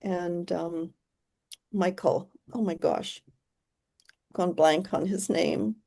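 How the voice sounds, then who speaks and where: A woman presenting on a video call, speaking softly and reflectively, often trailing off and restarting. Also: fairly low pitch, fairly even intonation, slow pace, creaky. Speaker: guest presenter. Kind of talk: casual video call chat.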